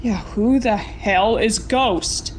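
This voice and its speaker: A woman's voice: fairly high pitch, slow, slight background noise, rough recording. A woman on a live stream, defensive and irritated, snapping back at people trolling her. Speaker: streamer being raided.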